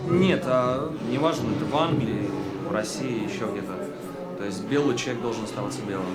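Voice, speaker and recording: A man's voice: mid-range voice, fast, reverberant, distant mic, heavy background noise. A man answering interview questions in a firm, matter-of-fact way.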